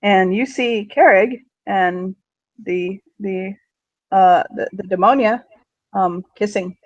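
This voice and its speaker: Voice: mid-range voice, takes it slowly, no room sound. A game master narrating a tabletop game in a loose, rambling way with many fillers and swearing, on a dull lo-fi recording.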